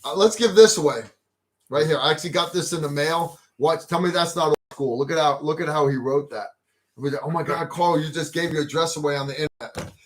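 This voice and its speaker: A man's voice: fairly high pitch, fairly quick. A man hosting a casual livestream, rambling and joking about himself. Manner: joking, rambling, self-deprecating. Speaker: livestream host.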